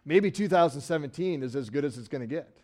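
A man's voice: a little high, lively intonation, fast talker, a little mellow. A pastor preaching a sermon to his congregation in a church, talking conversationally and asking rhetorical questions. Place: church sanctuary.

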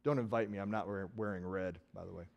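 A middle-aged man from Nebraska preaching a sermon in a conversational way, swinging from loud emphasis to quiet trailing words. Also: low-pitched, steady tone, fast talker, vocal fry, highs cut off. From Nebraska, USA. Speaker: pastor.

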